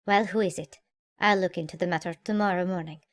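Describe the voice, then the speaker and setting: A woman's voice: lowish voice, fairly even intonation, natural voice. Woman voicing a stern old admiral. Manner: brisk and commanding. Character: stern, proud old male naval admiral. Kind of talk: audiobook character voice.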